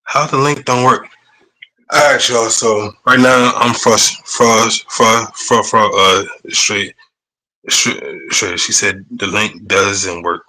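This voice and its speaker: A man's voice: on the low side, steady tone, slow, pushed and bright, rough recording. A man hosting a live-streamed show, talking loosely in casual slang, flustered and apologetic as he stumbles over his words. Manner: apologetic and flustered by tech trouble. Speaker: podcast host. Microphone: streaming setup mic.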